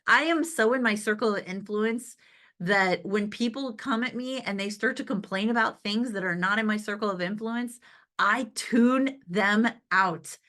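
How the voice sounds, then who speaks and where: A woman with a medium-pitched, sharp-toned voice at normal speed gives an upbeat motivational talk to a sales team. She keeps it conversational, laughs often, checks in with frequent "right?" asides, and acts out conversations she remembers.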